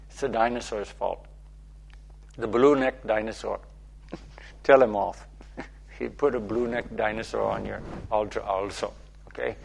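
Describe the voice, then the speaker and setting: A man with a gravelly, husky voice gives a playful spiritual talk. He repeats himself and keeps checking in with his listeners as he teaches. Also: fairly low pitch, steady tone, measured pace, pauses often. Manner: playful, repetitive, asks okay often.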